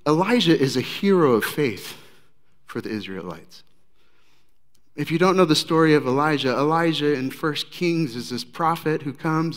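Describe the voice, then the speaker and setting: A male pastor preaches a sermon, telling a story in a lively, conversational way. His voice sits a little high for a man.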